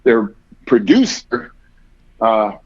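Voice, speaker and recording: A man's voice: lowish voice, big pitch swings, extremely slow, slightly rough, highs cut off. A man guest on a podcast telling a long story in casual talk, rambling and swearing often, acting out what others said. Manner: rambling, heavy swearing, acts out quotes.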